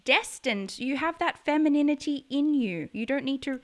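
A woman's voice: high voice, animated, normal speed. A woman hosting a podcast interview, earnest and speaking straight to her listeners. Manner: earnest, addresses listeners directly. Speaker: podcast host. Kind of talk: casual conversational interview.

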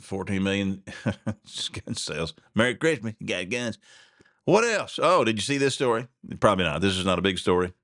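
A man's voice: fairly low pitch, a bit bright, dry recording, clean studio sound. A man hosting a talk radio show, rambling through stories in a casual, folksy way with frequent chuckles and asides. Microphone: studio mic.

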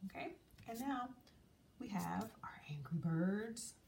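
A woman's voice: mid-range voice, animated, slow pace, gravelly, a little mellow. Sing-song woman teaching kids to draw. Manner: sing-song, coaxing, talks to kids while drawing. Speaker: drawing teacher for children. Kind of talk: children's drawing lesson. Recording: distant mic, faint room noise.

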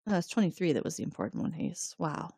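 Woman podcast host, lowish voice, chatty recap style, quotes characters with playful voices, dry close mic. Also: quick pace, gravelly, husky, dry recording. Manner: animated retelling, acting out characters' lines. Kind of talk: casual chat.

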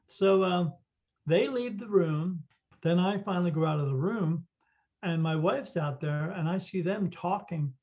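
A man's voice: high voice, unhurried. A man, a psychic medium guest, telling a story casually with lots of fillers and restarts. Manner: rambling, full of fillers and restarts. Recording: dull lo-fi recording.

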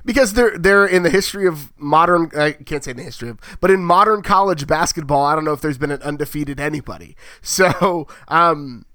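A man with a somewhat high voice gives blunt opinions in casual podcast talk, stopping to correct his own wording. His voice sounds dry and close to the mic. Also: brisk, hardly any pauses, bright, forceful tone, no echo. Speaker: sports podcast co-host. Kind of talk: casual sports chat.

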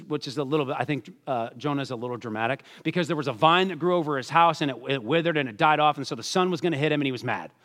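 A man preaching a sermon in a conversational way, calling his listeners folks and acting out the quotes he reads. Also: fairly high pitch. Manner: conversational, addresses listeners as folks, animated quoting. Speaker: pastor.

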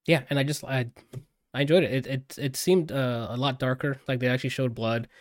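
A man's voice: medium pitch, fairly even intonation, fairly quick, no echo, clean studio sound. A man in a casual podcast chat, gushing over a film he just saw, swearing freely and rambling with fillers. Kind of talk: casual movie review chat.

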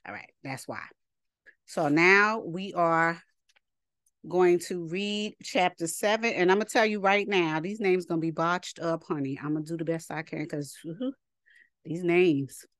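Lady teaching bible class, lower voice, loose chatty talk w/ side tangents. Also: a little slow, fairly bright tone, no room sound, studio quality. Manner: chatty, colloquial, digressive asides. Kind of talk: casual scripture lesson.

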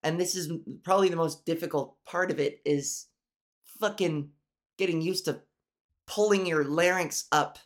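Speaking at normal speed in a lowish, nasal voice, a woman hosts a podcast on her own. Her talk is candid, profane and rambling, with frequent restarts.

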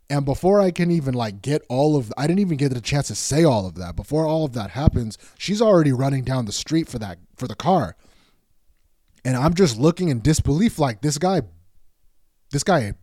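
A man's voice: medium pitch, animated, moderate pace, warm tone, dry recording, studio quality. A man telling a rambling, heated story in casual speech, swearing often.

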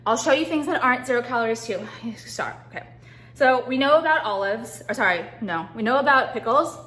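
A woman's voice: fairly high pitch, fast, fairly bright tone. A young woman vlogging from her home kitchen in a profane, rambling comedic rant, full of fillers and insults. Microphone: phone or camera set on counter, moving.

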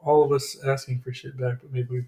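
A man's voice: medium pitch, level tone, fast talker, warm tone. A man co-hosting a podcast in casual chat, rambling easily with lots of filler words. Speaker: podcast co-host.

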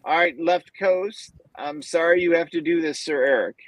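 A man's voice: a little high, normal speed, dry recording. A man hosting a casual live stream, upbeat and greeting viewers in the chat by name. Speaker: podcast host.

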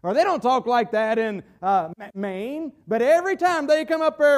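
Southern pastor, man, high voice, folksy sermon with lots of restarts. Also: expressive, moderate pace, hardly any pauses. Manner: folksy, repeats words while searching for phrasing.

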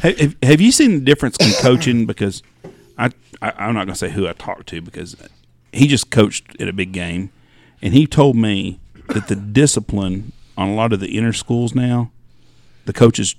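A man's voice: lowish voice, animated, moderate pace, no room sound. A man in casual podcast chat, talking bluntly and with cussing as a co-host. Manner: blunt, profane, relays what others told him.

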